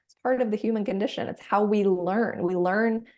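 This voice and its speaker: A woman practitioner guiding a client through a somatic coaching session, gentle and encouraging. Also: medium pitch, steady tone, moderate pace. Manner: gentle, encouraging, acts out inner voices.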